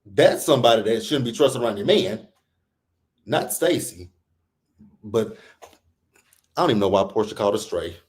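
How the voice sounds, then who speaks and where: Profane, exasperated male recap ranter. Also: fairly low pitch. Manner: profane, animated, exasperated, quotes people in put-on voices. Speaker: reality TV recap host. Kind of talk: heated casual recap rant.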